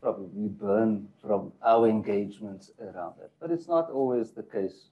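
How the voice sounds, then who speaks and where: A man moderating a panel discussion, asking measured, probing questions. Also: fairly low pitch, narrow, tinny audio.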